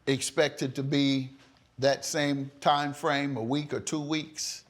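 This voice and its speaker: A man's voice: mid-range voice, level tone, slow pace. A man presiding as a television judge in a courtroom, questioning the parties bluntly and cutting in with short, pressing questions. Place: courtroom set.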